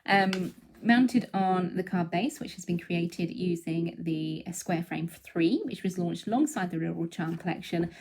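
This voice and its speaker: A woman's voice: fairly low pitch, unhurried, darkish tone. A young woman giving a live craft demonstration, chatty and explaining as she works. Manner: chatty, breaks off to coo at her cat.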